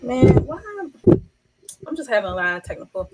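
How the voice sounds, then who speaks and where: A woman's voice: medium pitch, quick pace, rough recording. A young woman, talking to camera in a casual vlog and hammering her points home with repetition. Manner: animated, emphatic, repeats points to drive them home. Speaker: vlogger.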